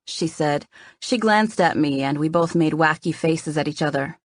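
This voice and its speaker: A woman's voice: low-pitched, moderate pace, no echo. A woman narrating a romance audiobook in the first person, with a light storytelling delivery.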